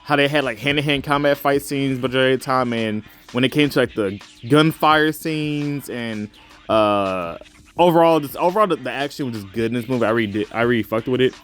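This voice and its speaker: A man reviews a movie in a casual vlog, rambling loosely with plenty of fillers and swearing, and now and then breaking into excited, high-pitched reenactments. He talks fairly quickly, with faint music in the background.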